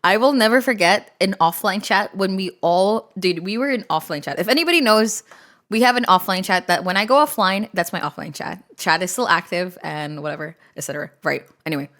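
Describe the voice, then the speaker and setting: A woman streamer chatting casually with her live chat, excitable and quick to swear and laugh. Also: medium pitch.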